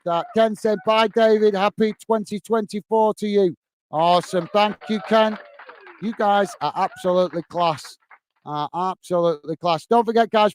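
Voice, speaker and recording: A man's voice: sits high, clean tone. A man hosting a football fan livestream, casually reading out viewer comments in a friendly, chatty way, full of "uh" and "mate". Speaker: football channel host.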